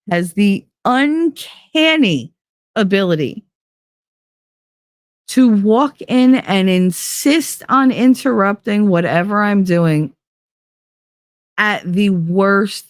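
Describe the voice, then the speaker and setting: A middle-aged woman hosting a live show, chatting casually in a blunt, profane, animated way. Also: mid-range voice, dry recording, studio quality. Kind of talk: casual chat on a live stream.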